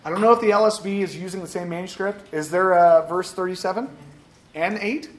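A man's voice: high voice, brisk. A man teaching a Sunday school class, upbeat and joking as he calls on readers. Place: church classroom.

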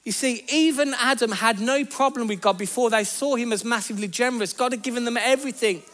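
A man's voice: very high voice, fast, a bit bright. A man giving a sermon, speaking in an earnest, conversational teaching way with repeated phrases. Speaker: pastor.

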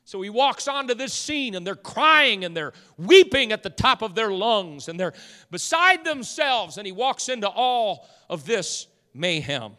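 A male preacher delivering a sermon, swinging from hushed storytelling to loud, fervent shouting. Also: sits high, big pitch swings, unhurried. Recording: long hall reverb.

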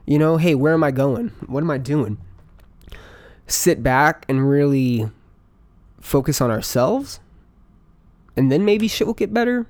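A man's voice: fairly high pitch, expressive, measured pace, long pauses, a little mellow, no echo. A man talking in a casual monologue to listeners, rambling with lots of fillers and frequent swearing. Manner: rambling, profane, full of fillers.

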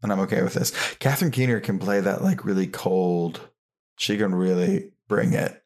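A man's voice: sits low, normal speed, a little mellow. A man co-hosting a podcast in a casual chat, joking in a dry way. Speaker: podcast co-host.

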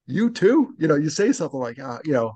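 A man's voice: mid-range voice, animated, very fast, a little mellow, no echo. A man in his late fifties, a podcast guest, talking earnestly and reflectively in conversation. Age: 50s. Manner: earnest and reflective, speaks openly about loss. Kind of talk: conversational interview.

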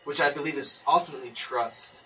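A man in his twenties telling a personal faith story casually, with animated repeats and restarts. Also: a little high, quick pace, noisy background. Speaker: person giving a testimony. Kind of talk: casual testimony in a group talk. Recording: distant mic.

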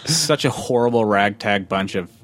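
Man, low voice, comics chat, eager, rambling, restarts. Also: lively intonation, moderate pace, fairly bright tone. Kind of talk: casual chat about comics.

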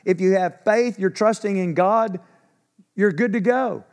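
A middle-aged man with a fairly high voice preaches a sermon. He reads scripture steadily, then drops into loose, conversational explanation. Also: unhurried, darkish tone. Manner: reads verses then breaks into casual asides.

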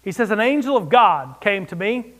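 A man preaching a sermon, expressive, rising and dropping for emphasis, with wry asides. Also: high-pitched, moderate pace. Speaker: pastor.

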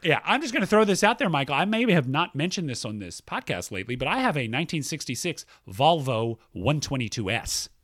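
A man's voice: a little high, very animated, a little fast, hardly any pauses, fairly bright tone, no room sound, clean studio sound. A male podcast co-host in casual chat, enthusiastically reading out listener mail.

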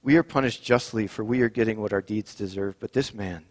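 A man leading a communion service as pastor, reading Scripture and praying in a measured, solemn way. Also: lowish voice. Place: church sanctuary. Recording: long reverb in a church.

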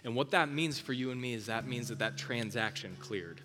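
A male pastor delivering an intense sermon, driving home points with repetition and swinging from loud emphasis to a hush. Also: mid-range voice, moderate pace, soft background music.

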